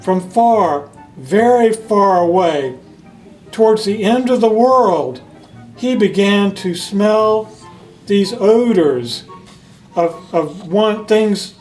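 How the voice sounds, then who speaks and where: A man's voice: sits high, animated, takes it slowly, faint music behind, rough recording. A man reading a picture book aloud to children, going through each page in French and then in English, and stopping to point out what is happening in the pictures. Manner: gentle, explains the pictures to children. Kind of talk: children's storytime read-aloud.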